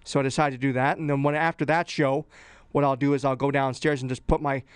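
A man's voice: medium pitch, little pitch movement, fast, smooth, no room sound. A man from Edmonton with an Edmonton accent, chatting casually on air about his work day in a plainspoken, easygoing way. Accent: Edmonton Canadian. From Edmonton, Canada. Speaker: radio station regular. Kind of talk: casual chat. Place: radio studio.

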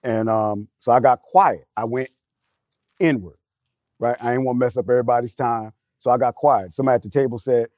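A man's voice: medium pitch, a little fast, dry recording, clean studio sound. A middle-aged man telling a personal story on a panel, acting out the voices in his dialogue. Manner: storytelling, animated, acts out quoted dialogue. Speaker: panel guest. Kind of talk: casual panel discussion.

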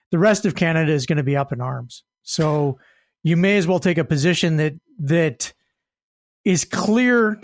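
A man muses through his political view on a casual podcast, stopping and restarting as he thinks aloud. His voice is fairly high for a man. The sound is dry and close to the mic. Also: no echo. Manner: hesitant, many fillers and restarts. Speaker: political commentator.

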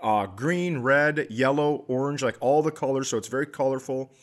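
A man's voice: medium pitch, moderate pace. Rambling comedic storyteller man. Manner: rambling storyteller, animated impressions. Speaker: podcast co-host, comedian. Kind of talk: casual comedic chat.

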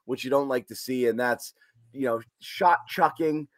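A man's voice: mid-range voice, moderate pace, no room sound, clean studio sound. A man co-hosting a postgame sports show, rambling with many restarts while breaking down the game. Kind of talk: sports postgame analysis chat.

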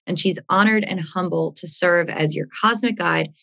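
A woman's voice: on the low side, moderate pace, creaky, fairly bright tone. A young woman hosting an astrology podcast, gushing and rambling in casual chat, laughing often.

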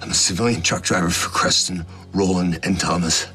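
An actor playing a man buried in a coffin, reading a flat, deliberate hostage statement from a movie clip. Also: low-pitched. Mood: strained. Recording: movie clip with faint music.

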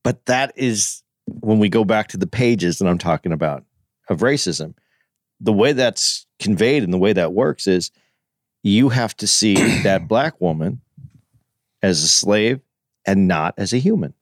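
Man, podcast host, earnest, halting restarts, dry close mic. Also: lowish voice, animated, dry recording. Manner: earnest, explaining his views with frequent restarts. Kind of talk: casual chat.

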